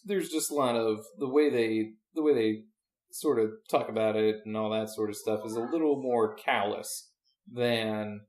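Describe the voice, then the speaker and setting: Rambling preacher in an echoey room. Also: male voice, mid-range voice, darkish tone. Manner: rambling, searching for words with many restarts. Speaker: preacher and podcast host. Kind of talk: casual chat.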